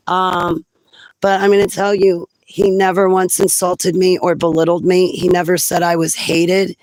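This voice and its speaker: A woman's voice: fairly low pitch, steady tone, measured pace, darkish tone, dry recording, low-quality recording. Chatty woman vlogger, dry close sound. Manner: chatty, laughs often between thoughts. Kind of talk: rambling personal monologue.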